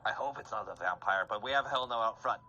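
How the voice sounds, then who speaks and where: A man's voice: lowish voice, fast talker, bright, forceful tone, faint music behind. A man playing in a tabletop game, chatting casually and joking. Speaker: player. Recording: dull lo-fi mic.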